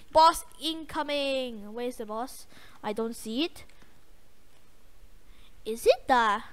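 A young woman hosting a gaming channel, giving casual, excitable gameplay commentary with a voice going hoarse. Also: sits high. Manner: excitable, yelps and trash-talks the game.

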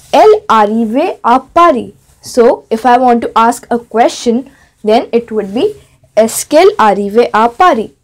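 A woman's voice: high voice, a little mellow. A woman teaching a French grammar lesson in English, explaining step by step and starting many sentences with "so". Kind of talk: online language lesson.

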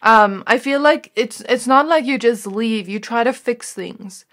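A woman giving an intuitive tarot reading to her viewers, talking in a gentle, reflective way and often pausing on "like" as she muses. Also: on the high side. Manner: gentle, reflective, musing with frequent "like". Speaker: tarot reader.

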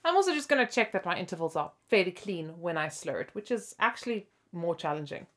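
A woman's voice: on the low side, very animated, a little fast, fairly bright tone, faint music behind. A young woman with hiccups hosting a bubbly flute lesson video and laughing at herself, with flute playing between her phrases. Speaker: flute teacher and host.

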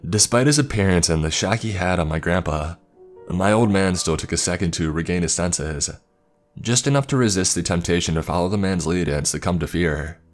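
Man, very low voice, horror story narration, measured and ominous, faint music underneath. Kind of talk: scripted narration. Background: faint background music.

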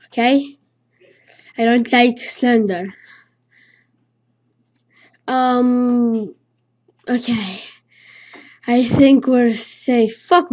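A woman speaking English as a second language talks through a horror game in a slow, somewhat high voice. She is jittery and swears constantly, humming nonsense syllables to steady her nerves. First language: not English. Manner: jittery, swears a lot, hums nonsense to stay calm. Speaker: let's play gamer.

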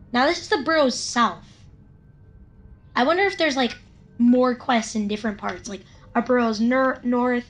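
Panicky high-voiced woman commentating gameplay. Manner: jittery, self-talking, panicky and playful. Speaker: gaming channel host. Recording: game gunfire loud under voice. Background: game gunfire and ambience.

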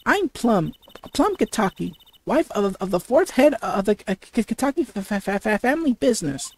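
A gamer voicing a stern middle-aged mob boss's wife in an attempted husky voice, blunt and intimidating, with heavy stutters while reading game dialogue aloud. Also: medium pitch, sing-song, normal speed, a little mellow. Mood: commanding.

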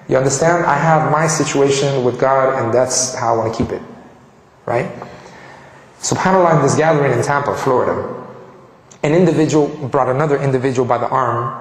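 A man from Colombia telling his personal story in an animated way, often restarting his sentences. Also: medium pitch, moderate pace, pauses often. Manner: animated, frequent restarts and fillers. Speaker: convert giving a testimony. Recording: echoey hall with long reverb.

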